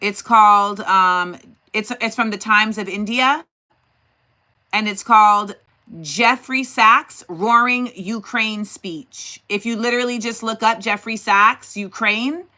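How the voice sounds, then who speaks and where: Bright-voiced woman chatting on a livestream. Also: mid-range voice, steady tone, slow pace. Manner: chatty, thinking aloud, talks to the chat. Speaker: host. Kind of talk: casual livestream commentary.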